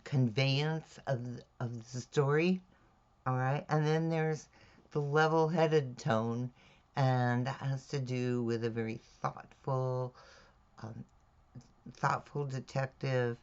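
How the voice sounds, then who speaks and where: A woman teaching mystery writing in a measured, deliberate way, checking in with her listeners as she explains. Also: a bass voice. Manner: measured, deliberate, with "all right?" check-ins. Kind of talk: instructional talk on writing craft. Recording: dull lo-fi recording.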